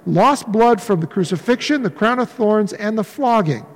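A man preaching a sermon in an animated way, acting out the voices of the people in his story. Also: high voice, moderate pace. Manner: animated, acts out voices of disciples. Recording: long reverb of a large hall.

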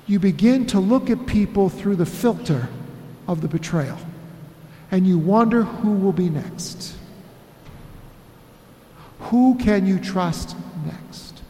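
A high-pitched male pastor delivers an emphatic sermon, leaning on repeated phrases and slow, weighty pauses. His voice rings through a large church hall with a long, echoing reverb. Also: lively intonation, warm tone.

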